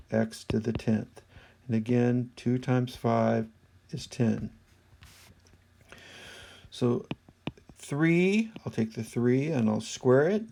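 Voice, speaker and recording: Gravelly-voiced man teaching math. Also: medium pitch, mellow. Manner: patient, explains step by step. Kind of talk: whiteboard math lesson. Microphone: screen-recording voice-over.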